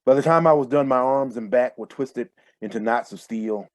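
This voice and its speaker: A man reading his own first-person fiction aloud in a steady, measured way over a video call. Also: medium pitch, dry recording. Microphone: computer mic on a video call.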